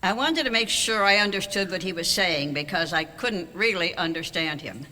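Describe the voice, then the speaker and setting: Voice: mid-range voice, moderate pace, pushed and bright, a little hiss or hum. An older speaker giving a wry, anecdotal banquet speech as an award honoree, at a podium microphone in a large auditorium. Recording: long hall reverb.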